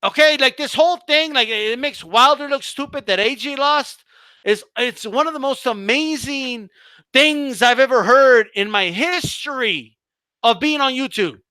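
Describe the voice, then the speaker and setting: A man's voice: extremely high pitch, unhurried, pushed and bright, clean tone, dry recording. A man hosting a boxing livestream, ranting heatedly with profanity and stammering restarts.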